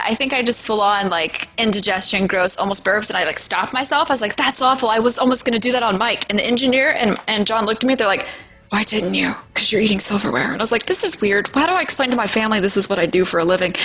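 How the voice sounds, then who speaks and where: A woman's voice: mid-range voice, a bit bright, rough recording. A woman voice actor telling playful, self-mocking studio anecdotes in a casual interview. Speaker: voice actor, guest.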